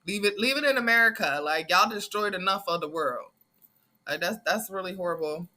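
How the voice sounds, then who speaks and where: A woman hosting a reaction channel, chatting in an animated, emphatic, slangy way. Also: mid-range voice, brisk. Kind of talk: casual reaction commentary.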